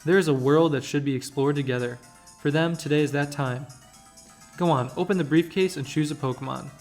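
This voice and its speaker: Man reading as a stern older professor from a video game, grave, deliberate, slightly high voice, faint game music. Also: lightly acted.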